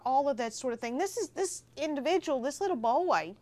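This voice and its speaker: A woman guest on a casual podcast, telling a story in a warm, animated way. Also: a little high, normal speed, hardly any pauses. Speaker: film festival organizer guest.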